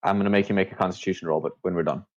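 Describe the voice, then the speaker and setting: A man narrating a tabletop game as game master in slow, hushed sentences. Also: low-pitched, fairly even intonation, muffled recording.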